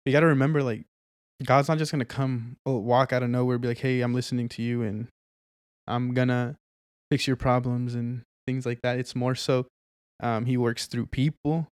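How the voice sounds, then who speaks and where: A young man co-hosting a podcast in casual chat, relaxed and affirming, moving into short faith-talk asides. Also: mid-range voice, normal speed, clear, resonant tone, dry recording, studio quality. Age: young adult. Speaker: podcast co-host.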